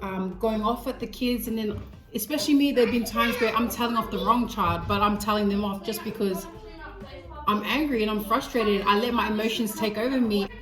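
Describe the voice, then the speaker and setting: A woman's voice: medium pitch, fairly quick, roomy sound. A young Australian woman vlogging casually to camera about life as a mother at home, chatty and laughing as she talks. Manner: chatty, laughing, often breaks off to speak to her children. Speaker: parenting vlogger, mother of three. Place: family home with children around.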